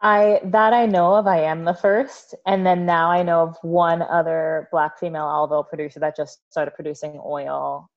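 An American woman telling stories as a podcast guest, animated and quick to laugh. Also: low-pitched, dull audio. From United States. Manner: animated storyteller, laughs often. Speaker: guest, olive oil producer. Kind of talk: casual interview storytelling.

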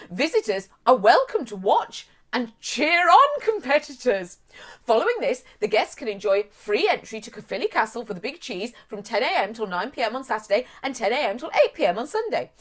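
A woman co-hosting a casual chat show, reading a news story aloud with gushing, lively reactions. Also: on the high side. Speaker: podcast co-host.

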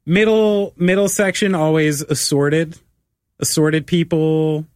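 A man's voice: a little high, steady tone, slow, a little mellow, no echo, clean studio sound. A man hosting a casual chat, rambling and filling his talk with "like.". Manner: rambling, lots of "like".

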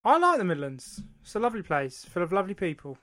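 A man's voice: high voice, wildly swooping pitch, fast talker, a bit bright. A man from Devon, co-hosting a casual podcast chat and telling stories with casual swearing. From Devon, England. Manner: chatty storyteller, swears casually. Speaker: podcast co-host.

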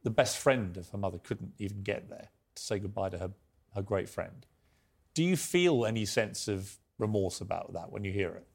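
A man's voice: fairly low pitch, expressive, moderate pace, creaky, breathy edge. A man with an English accent hosting a current-affairs show, pressing a guest with pointed questions. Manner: pressing, interrupting. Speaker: host. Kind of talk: combative interview.

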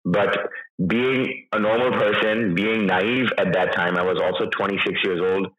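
A man's voice: lowish voice, fairly even intonation, normal speed, a bit bright, echoey room, muffled recording. A man in his thirties telling his own story in an interview, emotional and hesitant, with many restarts. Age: 30s. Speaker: interview guest. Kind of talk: personal account in an interview.

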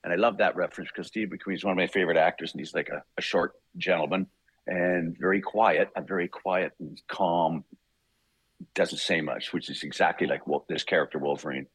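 Husky older man telling stories. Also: low-pitched, a little fast, dry recording, low-quality recording. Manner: lively, laughing, acts out quotes. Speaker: guest voice actor. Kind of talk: casual anecdotal storytelling.

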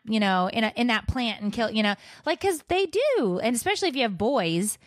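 A woman's voice: on the high side, big pitch swings, fairly quick, few pauses, dry recording. A woman hosting a podcast, blunt and earthy, speaking with playful bluntness about parenting. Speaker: podcast host. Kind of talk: casual podcast chat.

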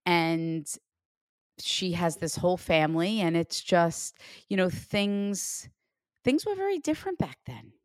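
A woman working as a psychic medium, chatting casually and acting out what she hears, with lively jumps in her voice. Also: measured pace, no room sound, clean studio sound. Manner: animated, acts out quoted spirits with big pitch jumps and laughter. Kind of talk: casual reading with a caller.

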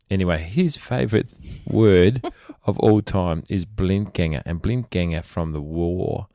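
A man's voice: sits low, a little slow, hardly any pauses, warm tone, no room sound, studio quality. A man co-hosting a podcast in casual, teasing chat from a bedroom. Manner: joking, teasing. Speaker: podcast co-host. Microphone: headset mic.

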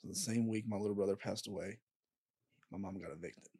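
Low-voiced young man, halting. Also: steady tone, dark tone, breathy edge, no echo, studio quality. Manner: halting, with frequent fillers and swearing. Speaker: podcast guest. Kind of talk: casual storytelling chat.

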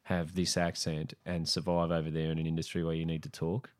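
Australian man, very low voice, relaxed joking chat. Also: a little fast. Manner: laid-back, joking, says "mate". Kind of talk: casual chat.

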